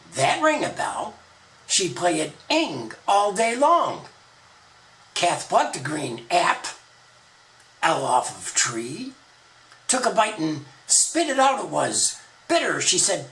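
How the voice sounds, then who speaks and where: A man's voice: a little high, sing-song, unhurried, fairly bright tone, far from the mic, poor audio. A man retelling an ancient story as a monologue, with playful wordplay. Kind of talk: retold scripture as a spoken monologue.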